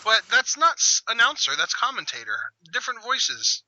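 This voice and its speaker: A man's voice: extremely high pitch, wildly swooping pitch, normal speed, sharp tone, no echo, highs cut off. A young man hosting a live reaction chat who jabs at his co-host with dry, sarcastic teasing.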